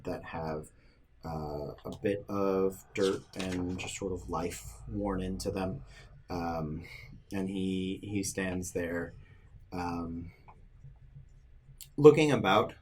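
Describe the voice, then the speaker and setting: A man narrating as game master in a tabletop game, describing scenes in a halting way with many pauses. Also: deep voice, darkish tone, slight background noise.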